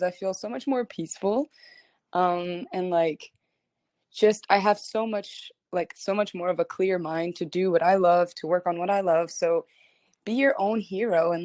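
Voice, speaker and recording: A woman's voice: on the low side, a little mellow, no echo. A young woman singer chatting casually on a livestream, rambling and giggling, full of "like" fillers. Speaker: singer hosting a streaming listening party.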